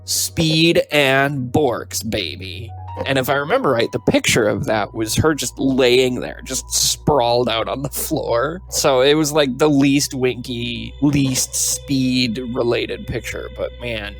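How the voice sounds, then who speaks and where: A man's voice: mid-range voice, measured pace, creaky, few pauses, soft background music. Easygoing man podcast co-host. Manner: easygoing, rambling with fillers. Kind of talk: casual chat.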